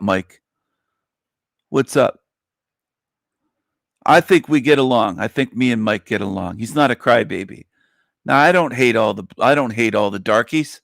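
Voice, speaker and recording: A man hosting a livestream show, speaking at a middle pitch. His delivery is repetitive, taunting and sing-song. The sound is dry and close to the mic, with no room echo. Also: a bit bright. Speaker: online show host. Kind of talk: mocking livestream monologue.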